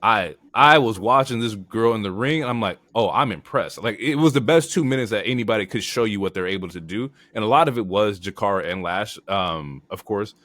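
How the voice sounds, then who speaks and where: Low-voiced guy cohosting a wrestling podcast, cussing a lot, dry close sound. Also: brisk, few pauses, dry recording. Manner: profane, animated opinions with frequent fillers. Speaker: podcast co-host. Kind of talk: casual wrestling recap chat.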